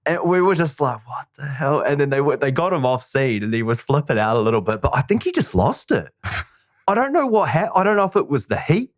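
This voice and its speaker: A man's voice: a little high, big pitch swings, brisk, no echo, studio quality. A man hosting a podcast, telling rambling, slangy anecdotes in casual chat. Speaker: podcast host.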